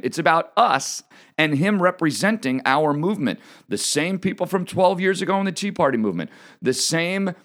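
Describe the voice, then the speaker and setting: A man's voice: fairly high pitch, a bit bright. A man hosting a political commentary monologue, emphatic and repetitive, speaking straight to his audience.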